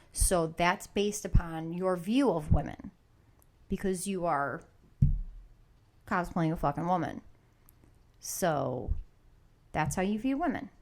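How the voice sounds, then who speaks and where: A woman hosting a podcast, ranting angrily and sarcastically with constant swearing. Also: fairly low pitch. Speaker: podcast host. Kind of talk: profane opinion rant.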